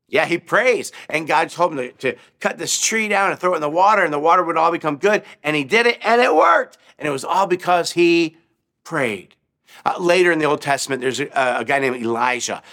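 A man with a bright, forceful voice that sits a little high, telling a sermon as a string of quick stories. He keeps asking his listeners questions and leans into key words. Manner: animated, asks the audience questions, acts out crowd voices. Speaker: preacher. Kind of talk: children's sermon storytelling.

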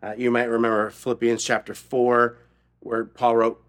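A man preaching a sermon, dropping to a near-whisper and then rising to an urgent raised voice, slowing and repeating key phrases. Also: mid-range voice, level tone. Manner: repeats words and restarts, stresses key phrases slowly. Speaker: pastor.

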